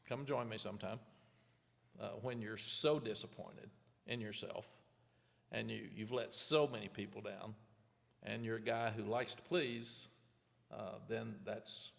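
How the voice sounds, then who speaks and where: A man in his seventies, a head coach answering press questions candidly, rambling with restarts in a gravelly voice. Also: fairly low pitch, normal speed, pauses often, in a large hall. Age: 70s. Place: press conference room.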